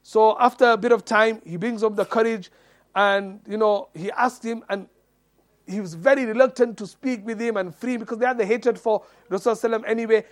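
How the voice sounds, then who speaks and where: High-voiced man telling a sermon story. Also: fairly quick. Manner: animated retelling, acts out quoted dialogue, many fillers. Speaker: Islamic preacher.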